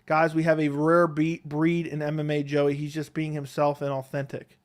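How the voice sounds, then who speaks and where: At a normal speed, a man from Connecticut answers live chat questions one after another on his casual MMA YouTube stream. He sits close to his desk microphone at home, and his relaxed, rambling voice runs a little higher than typical for a man.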